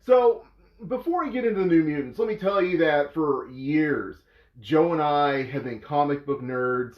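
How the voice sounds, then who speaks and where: A man with a high voice hosts a casual movie review. He talks in an animated, exasperated way and breaks into incredulous outbursts. The sound is dull and lo-fi, with room echo behind him. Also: moderate pace. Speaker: host of a movie review show.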